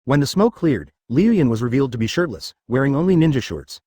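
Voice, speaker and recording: A man's voice: medium pitch, very animated, fast, dark tone, no room sound. A man narrating a translated ninja fan-fiction story in a scripted, synthetic-sounding read.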